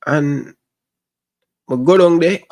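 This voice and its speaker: A man with a Jamaican accent hosting a casual chat, telling stories in relaxed patois. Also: fairly high pitch, slow pace.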